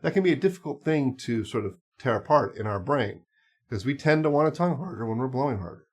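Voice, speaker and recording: A man's voice: medium pitch, expressive, fast, slightly rough. A man teaching clarinet, talking casually and explaining step by step with small asides and fillers. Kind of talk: casual instructional talk.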